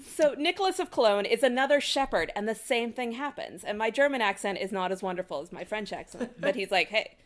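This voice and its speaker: A woman with a fairly high, very animated voice tells history as a casual podcast host. She jokes her way through the story and laughs often, swinging her pitch widely. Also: a little fast, hardly any pauses. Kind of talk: casual chat.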